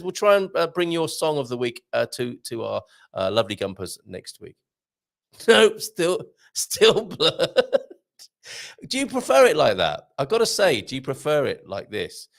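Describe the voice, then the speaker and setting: Creaky-voiced chatty man host. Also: mid-range voice, brisk, hardly any pauses. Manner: rambling and excitable, talking to viewers and chat. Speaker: host of a live online show. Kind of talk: casual live-stream chat.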